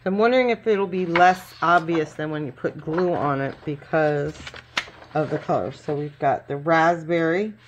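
Middle-aged woman, lowish voice, gushing home crafter, chatty show-and-tell, faint hiss behind. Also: moderate pace. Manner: chatty and gushing, lots of fillers. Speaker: craft vlogger. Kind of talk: casual unboxing show-and-tell.

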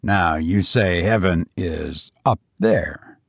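A grim older banker, brooding and relentless, speaking low and deliberately slow, as a man plays him. His deep, dry lines come close on the mic in an old-fashioned audio drama. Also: slightly rough, dry recording, full character voice.

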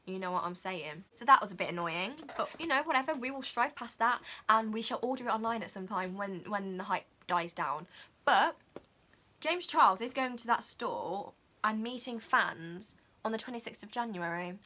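Excitable teen girl from the gushing over makeup, bright tense voice, bit of faint noise behind. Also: medium pitch. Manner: gushing, dramatic, fast-talking. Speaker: beauty vlogger. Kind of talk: excited haul chat.

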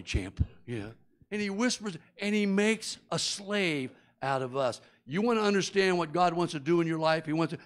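A man's voice: a little high, vocal fry, fairly bright tone. A middle-aged man preaching a sermon, telling a folksy story and acting out its characters before turning earnest and confessional. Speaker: guest preacher.

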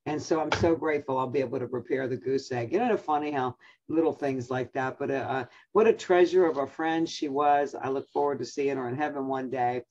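An older woman with a husky voice, a Bible teacher chatting and telling a family story with frequent laughter before her message, over a video call. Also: very deep voice, a little fast, darkish tone, muffled recording.

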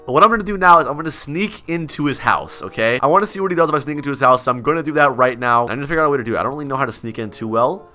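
Lively bright-voiced gamer guy. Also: medium pitch, rapid-fire, hardly any pauses. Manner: jumpy, repeats phrases, drops to hushed tones when sneaking. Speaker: gameplay video host. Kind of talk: excited game commentary.

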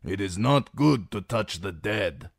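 A man voicing a fierce, protective warrior who shouts urgent warnings. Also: fairly low pitch, expressive, unhurried, creaky, no echo, studio quality, heavily acted. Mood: alarmed.

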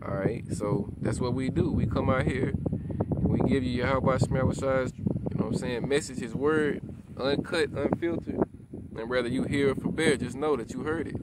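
Man preaching outdoors over loud wind. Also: mid-range voice, normal speed. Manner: peppers talk with "all right?" and "you know what I'm saying"; reads scripture in old formal wording. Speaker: street preacher. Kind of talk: preaching outdoors with scripture readings. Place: outdoors in a rural spot. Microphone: self-filmed camera.

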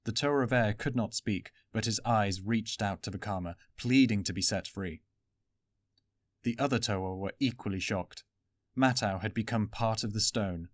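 A man narrating a fantasy adventure story in an even, steady storytelling manner. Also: on the low side, no echo, clean studio sound. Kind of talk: audiobook fan reading.

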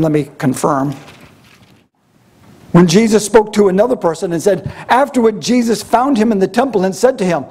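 A man's voice: high voice, a little mellow, breathy edge. A man preaching a sermon, asking his listeners rhetorical questions and repeating key phrases for emphasis. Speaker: pastor.

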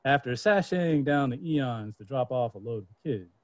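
A male poet reciting with rhythmic, dramatic phrasing. His voice sits at a middle pitch and swings freely as he performs. The sound is dry and close. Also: lively intonation, normal speed, no room sound. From Georgia, US. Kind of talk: poetry reading.

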